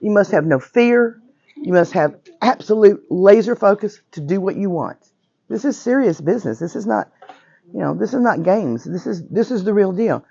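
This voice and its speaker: An older woman in her sixties leads a small class, her voice hoarse and worn down to a gravelly rasp. She talks in a chatty, emphatic way and keeps checking that everyone follows. The recording is dull and lo-fi, with a dry, close sound. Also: mid-range voice, expressive, normal speed, warm tone, dry recording. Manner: chatty and emphatic, frequent "right?" and "okay?" check-ins. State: hoarse, voice nearly gone. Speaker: witchcraft teacher. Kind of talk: informal class lecture. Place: metaphysical shop classroom.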